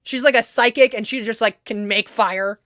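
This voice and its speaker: A woman with a slightly high voice and moderate pace hosts a casual podcast, recounting a story with plenty of profanity and sarcasm in an animated style. The sound is dry and studio quality.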